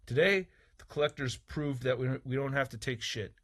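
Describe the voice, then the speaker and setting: A man's voice: medium pitch, moderate pace, a bit bright. A man reviewing toys in a heated, profane opinion rant with sarcastic jabs. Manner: mocking, sarcastic asides. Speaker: toy reviewer. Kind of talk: ranting opinion vlog.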